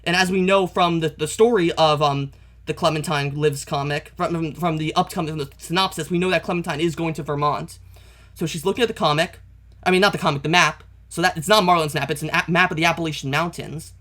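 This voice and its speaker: This is a man hosting a comic reaction video, his voice sitting a little high for a man. He narrates the panels step by step and often stops to correct himself. Now and then he breaks off to say how much he dislikes where the story is going. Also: steady tone, fast, pushed and bright. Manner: openly dismayed commentary. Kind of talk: reading a comic aloud and reacting.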